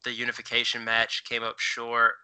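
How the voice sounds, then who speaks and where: A man co-hosts a casual chat podcast. His voice is very bright and smooth, and he rambles along with plenty of fillers, checking things as he talks. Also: medium pitch, completely flat delivery, normal speed, rough recording. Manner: rambling, many fillers, looks things up while talking. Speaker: podcast co-host.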